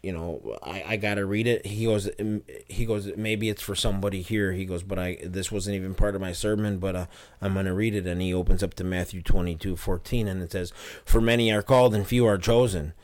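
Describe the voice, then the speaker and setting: A man with a fairly low voice tells his personal story as an interview guest. He talks earnestly, circling back with fillers and restarts as he recalls events. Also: level tone, brisk, a little mellow. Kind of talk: personal testimony.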